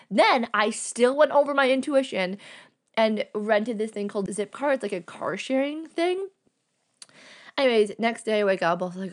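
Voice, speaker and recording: A woman's voice: medium pitch, expressive, moderate pace. A young woman hosting a podcast, telling a long personal story in a chatty way, peppering her speech with "like" and acting out what people said. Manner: chatty, fills speech with "like", acts out quoted dialogue. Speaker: podcast host. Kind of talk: casual storytelling monologue.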